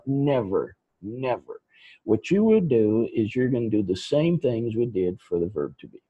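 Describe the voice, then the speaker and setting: Slow, patient male English teacher. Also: on the low side, animated, warm tone, husky, no echo, lo-fi sound. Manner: slow, patient, repeats examples. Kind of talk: screen-recorded grammar lesson.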